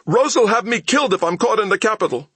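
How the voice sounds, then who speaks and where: A man voicing a small, frightened male thief who pleads in a high, strained, panicky voice. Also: animated, fast, bright, forceful tone, breathy edge, no echo, exaggerated voice. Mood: terrified pleading. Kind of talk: audiobook character voice.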